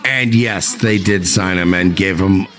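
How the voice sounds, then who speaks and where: A man's voice: sits low, a little slow, a bit bright. A drunk man in his forties on a live stream, chatting casually in a crude, rambling, defensive way. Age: 40s.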